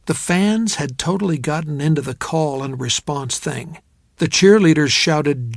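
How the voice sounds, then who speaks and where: A man narrates a novel in the first person, measured and reflective. His voice sits a little high for a man. The studio mic catches it dry and close, with no room around it. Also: dry recording. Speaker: audiobook narrator.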